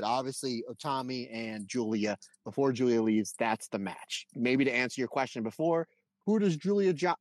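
A man co-hosting a wrestling podcast in casual chat, an animated storyteller who acts out voices in his anecdotes. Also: mid-range voice, dry recording. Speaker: podcast co-host.

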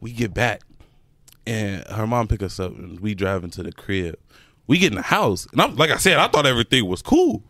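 A man's voice: fairly low pitch, brisk, no echo. A young man, a podcast co-host, telling a personal story in casual slangy chat with friends, laughing as he goes. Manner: animated, laughs through his story, slangy.

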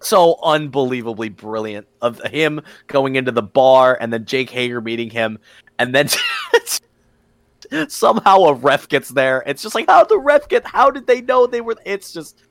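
A man who is a guest on a podcast, chatting casually in an eager, excitable way. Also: medium pitch, moderate pace, no echo. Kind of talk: casual chat.

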